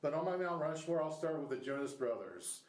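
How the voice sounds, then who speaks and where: A man's voice: on the high side, lively intonation, a little fast, darkish tone, roomy sound, low-quality recording. A man in his thirties hosting a podcast, chatting casually with a guest and rambling through many restarts and fillers. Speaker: podcast host. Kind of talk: casual interview chat. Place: Ohio.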